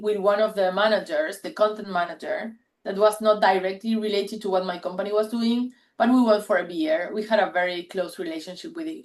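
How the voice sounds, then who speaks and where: A woman's voice: mid-range voice, poor audio. Talkative woman, Spanish her first tongue. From Spanish-speaking country. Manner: animated storytelling with many restarts. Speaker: panel speaker. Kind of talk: casual panel talk.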